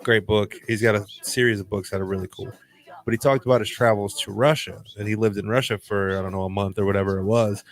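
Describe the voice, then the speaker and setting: A man's voice: lowish voice, fairly even intonation, quick pace. A man co-hosting a casual podcast chat, rambling and reflective, laughing easily. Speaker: co-host.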